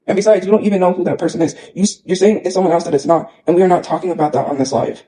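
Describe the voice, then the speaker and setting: A man's voice: high-pitched, racing, warm tone, rough recording. A man ranting on a livestream, upset and rambling, repeating himself and filling gaps with "like" and "you know.". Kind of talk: emotional livestream rant.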